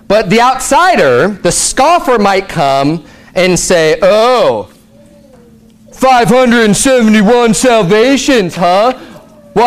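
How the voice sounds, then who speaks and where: A high-pitched man preaches a sermon as pastor, reading scripture aloud and explaining it in casual asides. He builds to emphatic peaks with rhetorical questions.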